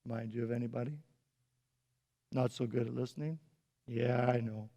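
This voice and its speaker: A man's voice: mid-range voice, moderate pace. Playful man telling a kids' Bible story. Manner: animated, playful, chatty storytelling. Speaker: Sunday school teacher. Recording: echoey hall.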